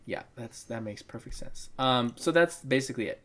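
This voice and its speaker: A man playing a tabletop game, talking in a wry, deadpan way. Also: medium pitch, moderate pace, a little hiss or hum. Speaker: player. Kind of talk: casual chat during a tabletop game.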